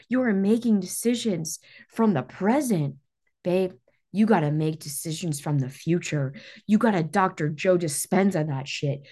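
A woman's voice: mid-range voice, darkish tone. Podcast host, woman in her thirties, fired-up motivational monologue, blunt and profane, mid-range voice. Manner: intense, swearing, emphatic repetition.

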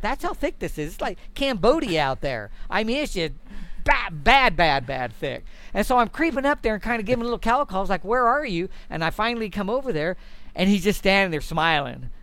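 A middle-aged man tells a story in a slightly high voice, animated and folksy. He slips into the voices of the people he quotes as he goes. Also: dry recording. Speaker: guest elk hunter. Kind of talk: storytelling in conversation.

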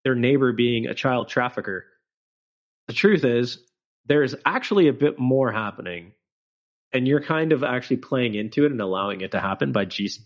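A man co-hosting a podcast, ranting with emphatic, profane opinions and frequent filler words. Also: mid-range voice. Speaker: podcast co-host. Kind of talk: casual podcast chat.

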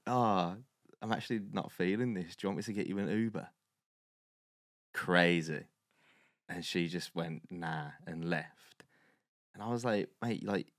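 Deep-voiced man telling stories. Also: no room sound, studio quality. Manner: animated storyteller, swears freely, British slang. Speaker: podcast co-host. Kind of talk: casual chat.

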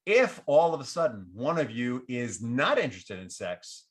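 A man's voice: normal speed, slightly rough. A man giving relationship advice, acting out what partners might say in a livelier voice. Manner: animated, acts out quoted partners with lifted pitch. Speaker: relationship advisor. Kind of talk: advice talk to camera.

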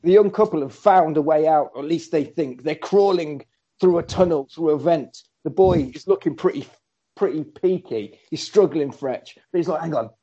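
A man excitedly recapping a horror film in casual chat, acting out the characters' lines. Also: fairly high pitch, normal speed. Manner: animated storyteller, acts out characters' lines. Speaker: podcast co-host recapping a film. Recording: slightly dull lo-fi recording.

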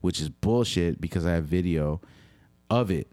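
Young adult man, low voice, profane and animated storyteller, dry close sound. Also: normal speed, no echo. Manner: profane, animated, quotes people in dialogue. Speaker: storyteller recounting a dispute. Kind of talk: casual storytelling.

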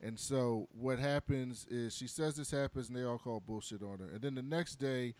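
A man's voice: mid-range voice, normal speed, a little mellow. A man in a casual movie review chat, retelling a plot in a loose, rambling way.

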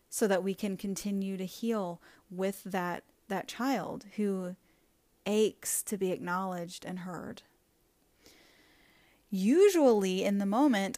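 A woman's voice: mid-range voice, dry recording. Earnest woman hosting a reflective podcast. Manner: earnest, reflective, speaks in repeated lists. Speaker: podcast host. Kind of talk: reflective solo podcast talk.

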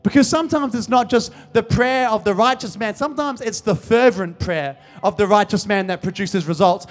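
A man's voice: sits high, moderate pace, few pauses. A young man preaching a sermon, telling a story and then building to fervent, impassioned exhortation. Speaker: youth preacher.

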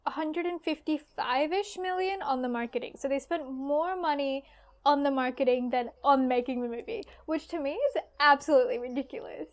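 A woman with a high voice co-hosts a podcast, chatting casually at a moderate pace and laughing often.

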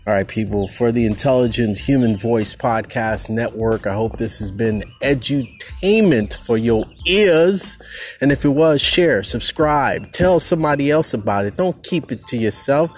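A man's voice: mid-range voice, normal speed, faint music behind. A man hosting a podcast, recording a casual, preachy monologue outdoors on a campus. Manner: preachy, animated, talks to listeners as people. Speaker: podcast host. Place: outdoors on a campus among trees and birds.

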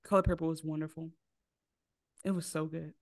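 Animated woman retelling movies. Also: deep voice, brisk, dry recording. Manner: animated storytelling with acted quotes. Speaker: podcast co-host. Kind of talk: casual chat.

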